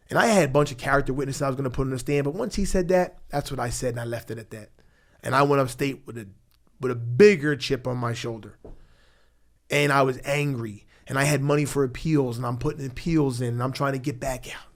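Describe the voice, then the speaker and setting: A middle-aged man from Philadelphia, a podcast guest telling his story frankly, with rough language, getting loud when angry and dropping quiet when tender. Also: a little fast. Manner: blunt, profane, emotional; grows loud when angry, drops low and quiet when tender. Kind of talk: candid storytelling interview. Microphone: studio mic.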